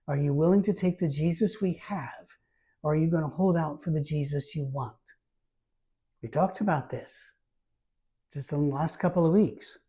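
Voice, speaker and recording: During conversational Bible teaching, a man with a warm, slightly rough voice on the high side reads scripture aloud. The pastor pauses now and then for casual comments, asides, and light humor.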